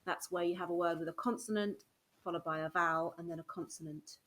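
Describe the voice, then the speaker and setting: A woman primary school teacher, patiently explaining a phonics game to parents and sounding out words slowly. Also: lowish voice, steady tone, fairly bright tone.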